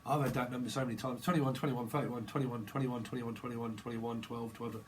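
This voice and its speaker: A man's voice: mid-range voice, little pitch movement, fairly quick, a little hiss or hum, poor audio. A man doing a tarot reading, rambling and jokey, slipping into little acted-out scenes. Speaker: tarot reader.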